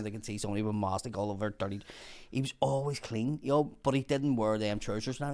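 A man's voice: medium pitch, a little mellow. Swearing storyteller man. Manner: rambling, heavy swearing, laughs through the story. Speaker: guest storyteller. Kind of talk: casual storytelling.

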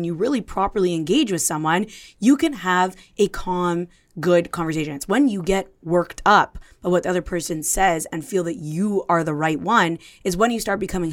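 A woman reasoning aloud in reflective, casual conversation. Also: on the low side.

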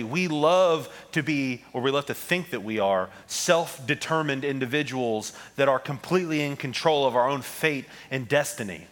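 A man preaches in a relaxed, conversational style, and his ums and small asides come between the points of the sermon. His voice sits in an ordinary middle pitch. A long hall reverb trails after his words. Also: moderate pace, hardly any pauses. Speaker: pastor.

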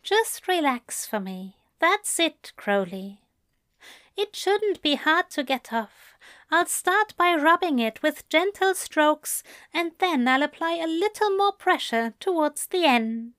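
A woman reading fan fiction aloud, voicing a gentle, doting male angel who speaks softly and tenderly. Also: high voice, expressive, slow pace, no echo, studio quality, pitched above the performer's own voice, exaggerated voice. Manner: soft, coaxing, affectionate.

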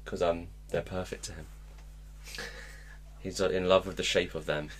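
A man co-hosting a casual podcast chat, making joking deadpan asides. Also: deep voice, normal speed. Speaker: podcast co-host.

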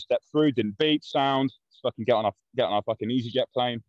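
A man's voice: mid-range voice, a little fast, no echo. A man, a podcast guest telling a story in a blunt, rambling, swear-heavy way. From London. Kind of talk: casual storytelling. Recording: dull, dry lo-fi podcast audio.

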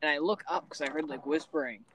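Young man, rambling storyteller, fairly high voice, outdoors at night. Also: quick pace, background noise. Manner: rambling storyteller, acts out quotes. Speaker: podcast co-host. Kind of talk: casual chat among friends.

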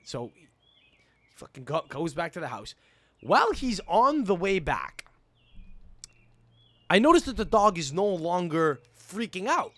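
A young man hosting a podcast, telling a story in an excitable, profane rant. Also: high-pitched, measured pace, long pauses. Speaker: podcast host. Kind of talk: casual rant.

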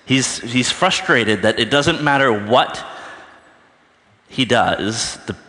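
A man's voice: medium pitch, expressive, takes it slowly, sharp tone, in a large hall. A man giving an informal, conversational sermon, thinking aloud and often checking in with "right?". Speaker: preacher.

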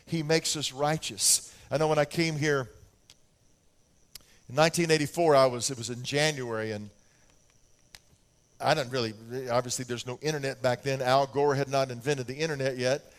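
An older American man preaches a sermon in a medium-pitched voice at normal speed, leaving long pauses. He tells stories with animation, acting out little scenes in the voices of his kids.

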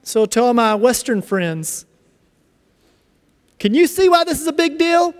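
A man preaching a sermon in a church, reading scripture and explaining it in an animated way. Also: very high voice, measured pace. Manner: animated, acts out little dialogues. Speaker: pastor. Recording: long reverb of a large hall.

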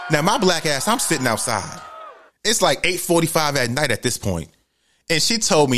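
Animated, profane New storyteller man. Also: a little high, a little fast. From New York City. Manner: animated, profane, swings into shouts.

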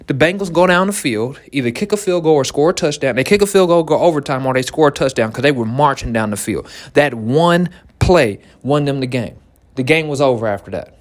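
A man speaks to fellow entrepreneurs in a motivational talk. His pitch swings widely as he hammers key phrases again and again. He laughs often between points. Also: brisk. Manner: animated, repeats punchlines, laughs often. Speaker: small business owner.

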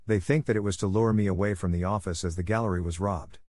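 A practical, exasperated estate manager in middle age, all business and brisk in how he talks, read by a man. The voice is low and dry, with no room sound. This is a storybook reading, close to the reader's own voice. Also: fairly even intonation, a little mellow, no room sound.

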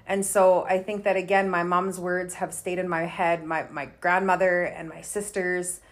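A woman's voice: lowish voice, little pitch movement, moderate pace. A woman from Canada, a guest telling personal stories in a candid, chatty way, full of likes and ums. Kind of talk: casual storytelling conversation.

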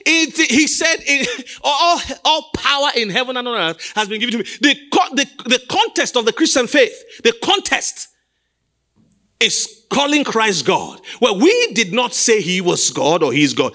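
A man preaching a sermon as pastor, emphatic and repetitive, building up to shouts. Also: very high-pitched, big pitch swings, unhurried. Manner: emphatic, repeats phrases, rises to shouts.

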